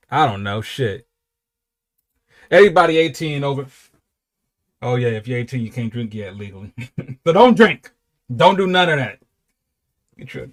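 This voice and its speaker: A man hosting a casual reaction video, talking in an animated, profane way and laughing often. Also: mid-range voice. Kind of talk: casual reaction commentary and storytelling.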